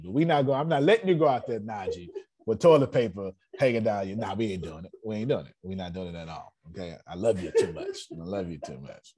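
Low-pitched and dark in tone, this man talks fast and with plenty of animation. Coaching an online business meeting, he jokes bluntly and circles back over his phrases like a preacher, giving an animated motivational talk.

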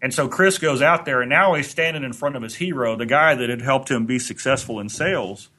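A man co-hosting a podcast, telling a long anecdote in a relaxed, rambling way. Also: mid-range voice, brisk. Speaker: podcast co-host. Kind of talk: anecdotal storytelling.

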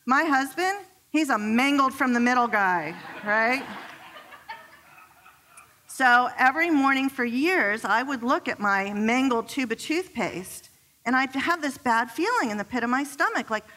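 A relationship expert with a high voice talks a little slowly but animatedly to a live audience. She shares personal stories and puts questions to the crowd.

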